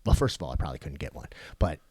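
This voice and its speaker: A man's voice: extremely low pitch, lively intonation, rapid-fire, warm tone, slightly rough, no room sound. A man co-hosting a podcast, talking in a rambling, profane way with many fillers and restarts. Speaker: podcast co-host. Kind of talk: casual chat.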